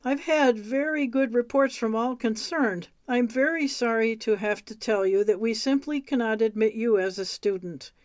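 A woman reading aloud as a courteous, apologetic elderly gentleman who chairs a board. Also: fairly high pitch, normal speed, hardly any pauses, no echo, clean studio sound, lightly acted.

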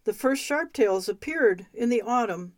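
A woman reading a memoir aloud, unhurried and clear. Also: fairly high pitch, expressive, no room sound. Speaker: reader of memoirs.

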